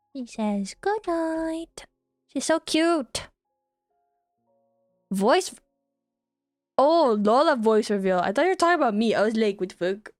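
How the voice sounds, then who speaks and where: Slow, giggly young woman streamer. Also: fairly high pitch, expressive, darkish tone, no echo, studio quality, faint music behind. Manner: giggly, tender, swears casually. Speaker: VTuber streamer. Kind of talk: casual stream chat.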